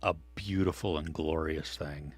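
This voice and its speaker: A man co-hosting a casual live stream, reading viewers' comments and swinging from excited outbursts to low mutters. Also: measured pace, no room sound, faint music behind. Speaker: podcast co-host reading live chat. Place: home studio.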